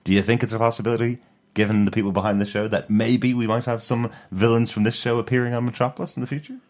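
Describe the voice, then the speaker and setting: A man co-hosting a TV review podcast, giving details in a brisk, matter-of-fact way. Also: medium pitch, fairly even intonation, darkish tone. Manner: brisk, matter-of-fact, many agreeing murmurs. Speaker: podcast co-host. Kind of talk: casual review chat.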